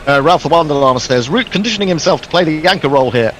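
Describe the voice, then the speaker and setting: A man's voice: on the high side, expressive, rapid-fire, a bit bright, a little hiss or hum. A man co-commentating on live cricket and reading out listener messages, musing and chatty, with hesitant fillers. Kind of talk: live sports commentary chat.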